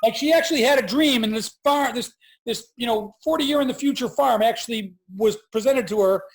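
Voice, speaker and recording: His voice is extremely high and his pace moderate. This man in his forties, an entrepreneur guest on a casual interview filmed at his farm, tells his story with gusto, mimicking the voices of people he quotes.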